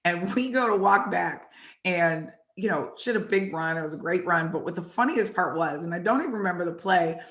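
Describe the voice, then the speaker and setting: A woman hosting and telling animated stories about her football days, acting out the lines people said. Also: lowish voice, brisk. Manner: animated, acts out quotes from the story. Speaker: host and former football player. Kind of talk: storytelling chat. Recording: echoey room.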